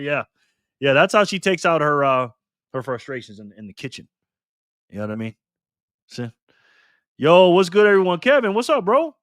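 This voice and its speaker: A man's voice: medium pitch, a bit bright, dry recording, clean studio sound. A man hosting a casual live stream, chuckling and greeting viewers by name as he reads their comments aloud.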